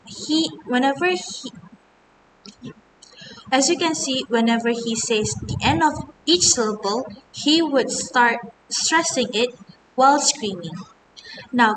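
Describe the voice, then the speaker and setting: Girl in her 20s doing a class talk, kinda high voice, mic far off w/ rumble in the back. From Malaysia. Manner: earnest, scripted, mostly reading. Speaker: university student. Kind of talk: recorded class presentation. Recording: distant mic with steady rumble.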